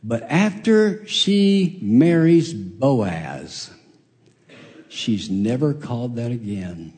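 A man preaching a storytelling sermon, folksy and animated, acting out the characters in his story. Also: drawn-out words. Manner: folksy, animated, acts out characters with big pitch jumps. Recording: long reverb of a large hall.

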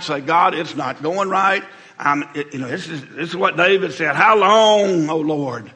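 Folksy preacher with a bright voice. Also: male voice, sits high. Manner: conversational, folksy, repeats words while preaching. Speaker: pastor. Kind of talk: sermon. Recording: hall reverb.

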